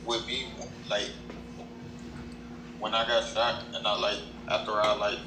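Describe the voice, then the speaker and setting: A man from Cleveland on a video call, telling his story haltingly with many restarts. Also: lowish voice, little pitch movement. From Cleveland, Ohio. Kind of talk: casual storytelling. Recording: distant echoey video call audio with noise.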